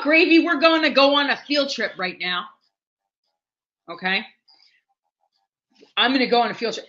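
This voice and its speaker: A woman reviewing candy on a livestream, animated and exaggerated as she talks straight to her viewers. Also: high-pitched, moderate pace, pauses often. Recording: dull lo-fi livestream audio.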